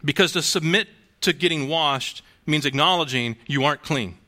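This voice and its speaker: A man's voice: fairly high pitch, moderate pace, sharp tone. A man preaching a sermon to a congregation in a conversational way, asking rhetorical questions and restarting phrases. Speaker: pastor.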